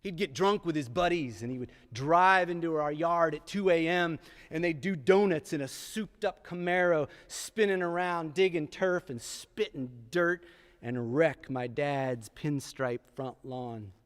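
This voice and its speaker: A man telling a personal story live on stage, with dramatic pauses and repeated lines for emphasis. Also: a little high. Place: historic theatre stage. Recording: long theatre hall reverb.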